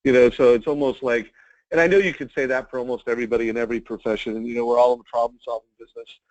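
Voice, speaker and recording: A man of mid pitch hosts an interview on a call and wraps it up with warm enthusiasm and plenty of fillers. The audio is dull and lo-fi. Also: steady tone, racing. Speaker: interview host. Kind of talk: interview host wrap-up. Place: call or webinar.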